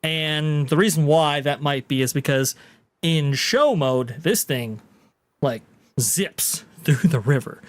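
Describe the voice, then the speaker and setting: A man's voice: a little high, slow pace, no echo. A man hosting a podcast, casually commenting on video clips in a chatty, explanatory way. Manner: chatty, explanatory, with frequent fillers. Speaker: podcast host.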